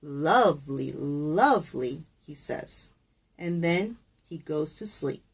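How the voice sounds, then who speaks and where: A woman's voice: on the low side, takes it slowly, breathy edge. A woman teacher reading a picture book aloud to children, patient and encouraging, with asides to the kids.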